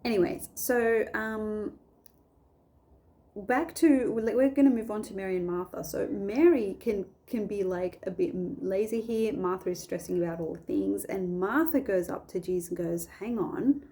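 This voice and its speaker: A woman's voice: medium pitch, normal speed, dark tone. A woman chatting casually at home about a Bible story, rambling and restarting her sentences often. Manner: rambling, self-interrupting, many restarts. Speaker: faith vlogger.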